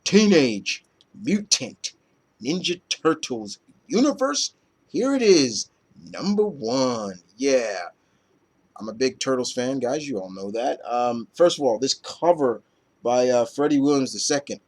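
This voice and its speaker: A man's voice: mid-range voice, big pitch swings, measured pace. A man reviewing comic books in a loose, rambling chat full of fillers and casual swearing.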